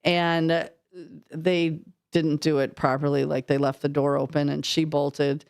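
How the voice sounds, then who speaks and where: Woman radio co-host, smooth clear voice, animated storytelling, studio mic. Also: deep voice, measured pace. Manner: lively storyteller, acts out quotes. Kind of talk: casual radio banter. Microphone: studio microphone.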